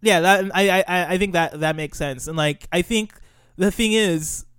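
A man's voice: sits high, moderate pace, smooth, dry recording. Easygoing young man, dry close sound. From Nigerian family, raised in the US. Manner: easygoing, laughs often, trails off into soft asides. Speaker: podcast co-host. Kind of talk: casual chat.

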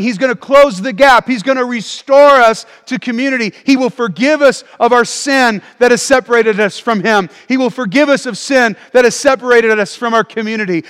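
A man preaching a sermon as pastor, animated and calling for responses from the congregation. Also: extremely high pitch, big-room sound. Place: church auditorium.

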